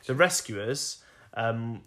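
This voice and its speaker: A man's voice: medium pitch, lively intonation, drawn-out words, fairly bright tone. A young man co-hosting a podcast, chatting casually, explaining at length and laughing often. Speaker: podcast co-host.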